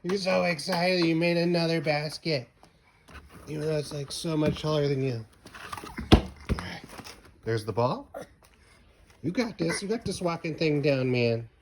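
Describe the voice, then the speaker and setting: A father filming his baby outdoors on a patio and cheering the child on with animated, sing-song baby talk. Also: a little high, unhurried, pauses often, background noise. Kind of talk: home video baby talk.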